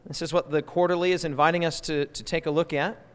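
High-voiced man teaching a church lesson. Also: quick pace, smooth, long reverb tail. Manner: lively, quizzes the audience. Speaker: Bible study teacher. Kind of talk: church Bible lesson to a live group.

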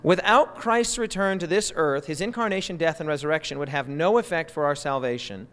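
A man teaching a Bible lesson to a live church group in a lively way, often quizzing his listeners. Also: fairly high pitch, a little fast, clear, resonant tone, big-room sound.

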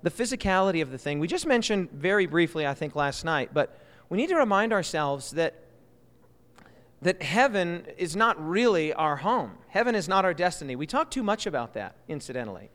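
A man with a notably high voice leads a church Bible lesson, lively and quick to toss questions at the group. His voice rings out with a long reverb, as if filling a large hall. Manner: lively, quizzes the audience. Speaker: Bible study teacher.

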